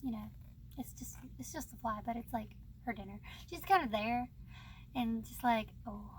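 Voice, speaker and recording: A woman's voice: a little high, normal speed, slight background noise. A young woman hosting her book channel, chatting casually and bubbly, laughing often. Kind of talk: casual chat about books.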